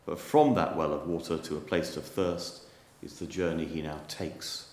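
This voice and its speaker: A man preaching a sermon, telling stories in a measured, wry manner. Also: extremely low pitch, fairly even intonation, darkish tone, echoey room. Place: church.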